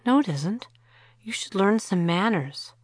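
Woman voicing a soft-spoken young woman. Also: mid-range voice, animated, unhurried, no room sound, studio quality, voice pushed up. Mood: firm. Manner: firm then hesitant, soft-spoken. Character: thoughtful young woman, patient.

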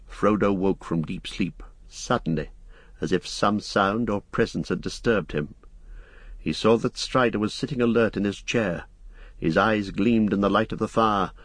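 Low husky guy reading an audiobook, measured and even, dry close sound. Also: no room sound. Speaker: audiobook narrator. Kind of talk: scripted narration.

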